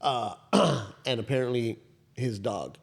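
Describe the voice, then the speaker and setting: Rambling, animated male podcast host. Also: medium pitch, takes it slowly, vocal fry, husky. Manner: rambling, animated retelling with many "I was like" asides; frequent restarts and profanity. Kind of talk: casual storytelling chat.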